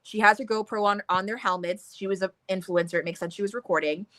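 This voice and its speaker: A woman co-hosting a casual book discussion, talking in an animated way, swearing freely and acting out scenes in quotes. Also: mid-range voice, quick pace, no echo. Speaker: book club co-host.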